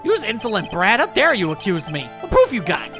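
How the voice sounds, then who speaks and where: Scornful old grump, voiced by a man, haughty, animated pitch. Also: a little fast, music in the background, exaggerated voice. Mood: indignant. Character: gruff older male restaurant regular, scornful.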